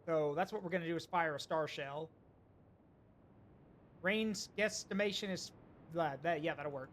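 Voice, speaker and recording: A man's voice: high voice, moderate pace, pauses often, slight background noise. A man streaming a naval strategy game, thinking aloud with hesitations and chatting to his viewers. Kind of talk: live gameplay commentary.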